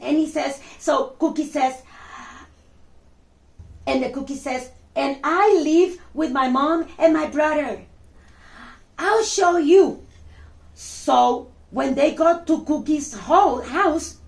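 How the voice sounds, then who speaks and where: A woman telling a children's story in an expressive, chatty way, with exclamations and asides to the young listener. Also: a little high. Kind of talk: animated children's story reading.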